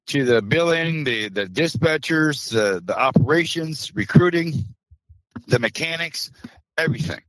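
A man being interviewed, close to tears, apologizing in a halting way with many restarts. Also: medium pitch, fairly bright tone, no echo, poor audio. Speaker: interview guest, former truck driver. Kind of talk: emotional interview.

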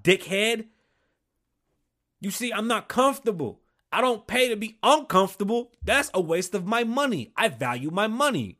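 Dude in his 30s cussing up a storm, kinda high voice, yelling then grumbling. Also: big pitch swings, normal speed. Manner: loud, profane, swings from heated yelling to low grumbling. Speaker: show host. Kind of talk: profane comedic rant.

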